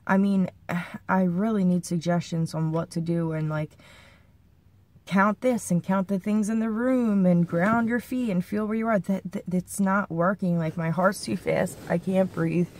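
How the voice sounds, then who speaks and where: A woman's voice: on the low side, fairly even intonation, unhurried, darkish tone, no echo. A young woman talking anxiously and rambling in a personal vlog, sounding shaken and near tears. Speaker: vlogger.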